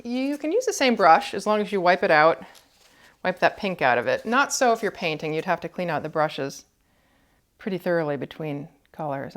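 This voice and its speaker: Lower-voiced woman showing how she decorates cookies, calm and chatty, talks while she works. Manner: calm, explanatory, thinking aloud while working. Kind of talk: step-by-step demonstration.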